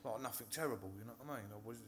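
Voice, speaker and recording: Very fast and fairly bright in tone, this medium-pitched male voice comes with slight background noise. It belongs to a Hertfordshire man giving a personal recovery testimony to a live audience on a meeting-hall stage, who is nervous, swears frequently and repeatedly restarts sentences.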